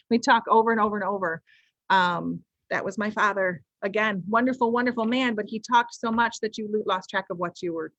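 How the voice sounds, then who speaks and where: A woman's voice: mid-range voice, a bit bright, no echo, rough recording. A woman presenting a conversational training webinar, explaining step by step, often restarting her phrases with ums. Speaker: webinar presenter on child discipline.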